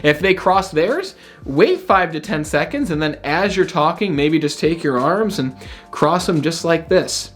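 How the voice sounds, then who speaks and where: A man giving an energetic, conversational self-help lesson, often checking in with the listener by asking "right?". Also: on the high side, unhurried, faint music behind. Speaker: motivational speaker.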